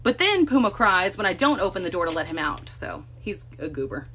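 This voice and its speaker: A woman's voice: fairly low pitch, sing-song, fairly quick, a bit bright, slight background noise. A woman hosting a casual live stream from a room at home, chatting to viewers and cooing baby talk to her cats.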